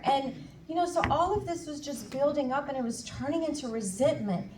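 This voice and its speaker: With a high voice, lively intonation, and a moderate pace, a woman delivers candid personal testimony in a conference hall, voicing her past dialogue and inner thoughts. The recording is echoey, and she sounds far away.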